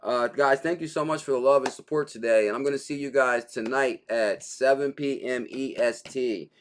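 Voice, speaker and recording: A man's voice: mid-range voice, normal speed, a little hiss or hum. A man hosting a daily crypto livestream, chatting casually and reading out viewer comments, with a laid-back, slangy manner and easy laughter.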